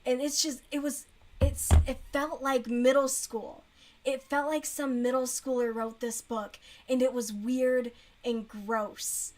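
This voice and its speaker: A woman's voice: high voice, fairly even intonation, slow, darkish tone. A woman streamer in casual chat while crocheting, bluntly and mockingly reviewing books. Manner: blunt, frank, mocking book review with laughs.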